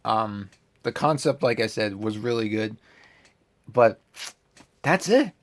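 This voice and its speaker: Male vlog movie reviewer, lively swooping delivery, exasperated rant tone. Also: on the low side, slow. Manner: animated, exasperated ranting.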